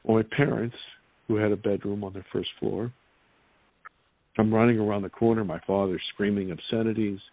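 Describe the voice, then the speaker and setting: A man in his fifties earnestly retelling a personal experience as an interview guest, halting and restarting as he goes. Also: on the low side, fairly even intonation, no echo. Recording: tinny dry phone-like line.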